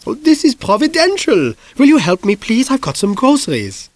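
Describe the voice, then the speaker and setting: A man reading an audiobook, voicing a looming, stern older woman in a high, insistent voice. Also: wildly swooping pitch, moderate pace, dry recording. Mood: pleading.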